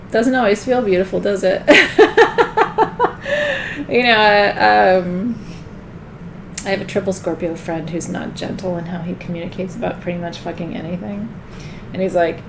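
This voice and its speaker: A woman doing a live tarot card reading in a chatty way, laughing often and getting loud when she jokes. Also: lowish voice, a little slow, pauses often, a little hiss or hum.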